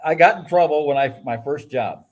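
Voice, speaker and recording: An older man, a guest and the host's father, telling energetic, boastful stories in casual chat. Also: a little high, a little fast, slight background noise.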